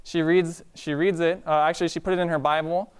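A man preaching a sermon in a relaxed storytelling way, often asking the congregation "Amen?". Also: a little high, a little fast, smooth. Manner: conversational, calls out "Amen?" to the congregation.

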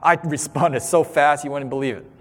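A man in his thirties giving a sermon-style talk, telling a personal story with animated, acted-out voices. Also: on the high side, normal speed. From Southern California. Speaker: speaker. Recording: long hall reverb.

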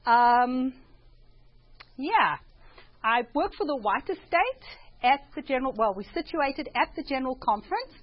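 A woman's voice: high-pitched, very animated, unhurried, pauses often, highs cut off. A woman with a South African accent giving a chatty, informal talk to an audience. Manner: chatty, self-deprecating, prays before speaking. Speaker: speaker at a church presentation.

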